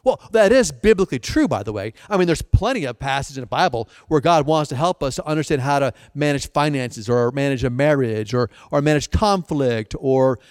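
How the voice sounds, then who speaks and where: A man's voice: medium pitch, animated, a little fast, few pauses, smooth, no echo, clean studio sound, in a large hall. A male pastor giving a sermon, telling stories with repeated restarts and playful asides.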